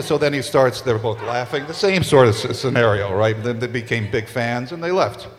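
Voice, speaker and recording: A man's voice: medium pitch, lively intonation, normal speed, hardly any pauses. An older man composer on a convention panel, telling a story in a dry, matter-of-fact way. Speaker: panel guest, film composer. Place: large convention stage hall. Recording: reverberant stage hall.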